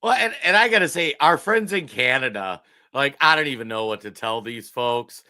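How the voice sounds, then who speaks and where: A man from Minnesota co-hosting a political talk stream, chatty and excitable, giving viewers shout-outs. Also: mid-range voice, moderate pace. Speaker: podcast co-host. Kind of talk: political talk show banter.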